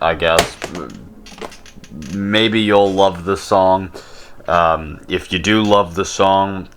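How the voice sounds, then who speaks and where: A young man talking casually about songs, blunt and opinionated, often pausing with fillers. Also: low-pitched, a bit bright, clean tone. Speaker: YouTube host.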